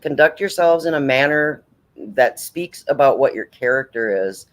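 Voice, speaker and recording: A man's voice: medium pitch, animated, normal speed. A man hosting a late-night livestream in casual chat, blunt, profane and preachy. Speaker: livestream host.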